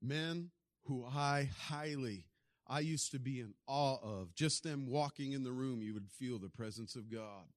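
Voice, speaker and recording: A man preaching a sermon, telling stories and acting out the people in them, often swinging from quiet to loud. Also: medium pitch, unhurried, dry recording, clean studio sound. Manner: storytelling, acts out voices with big swings in loudness.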